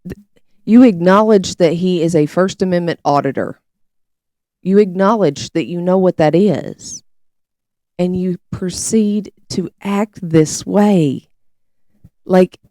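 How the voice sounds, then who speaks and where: A woman's voice: fairly low pitch, slow pace, long pauses, dark tone, dry recording, clean studio sound. A woman commentator reacting to a clip with sarcastic, incredulous remarks.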